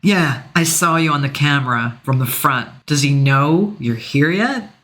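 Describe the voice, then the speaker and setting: A woman voicing a shy, friendly male house worker with a gruff voice, in an audiobook. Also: sits low, animated, measured pace, fairly bright tone. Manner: gruff, helpful. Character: man, house staff, friendly and shy helper.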